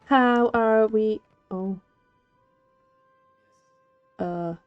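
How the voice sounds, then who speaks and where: A woman's voice: very slow, smooth, dry recording, faint music behind. A woman livestreaming a game, chatting playfully with viewers and gushing over cute things, on slightly dull lo-fi stream audio. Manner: playful, gushing, switches into squeaky cute voices. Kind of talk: casual gaming livestream chat.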